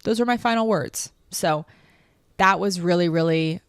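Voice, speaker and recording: A woman's voice: on the low side, a little slow, clear, resonant tone, no echo, studio quality. A woman hosting a podcast, telling a personal story in an emotional, reflective way with lots of "like". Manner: emotional, reflective, heavy use of "like". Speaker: podcast host.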